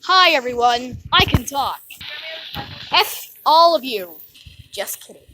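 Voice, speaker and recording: Cheeky magical pony, teasing, played by a woman. Bright and lively. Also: sits high, slow pace, faint music behind, exaggerated voice, poor audio.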